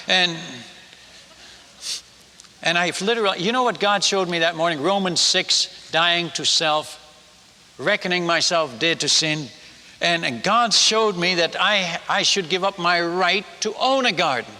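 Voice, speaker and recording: Bright high-voiced man preaching in a hall. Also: a little slow, a little hiss or hum. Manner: chatty, animated, repeats and restarts often, asks the audience. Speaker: missionary preacher. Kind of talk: storytelling sermon. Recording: echoey hall.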